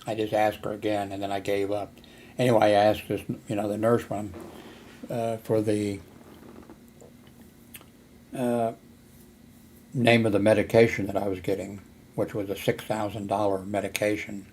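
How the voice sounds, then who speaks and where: A man's voice: on the low side, flat delivery, normal speed, long pauses, a little mellow, a little hiss or hum. Older man telling a rambling story. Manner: meandering, many fillers and restarts. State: hard of hearing. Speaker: vlogger.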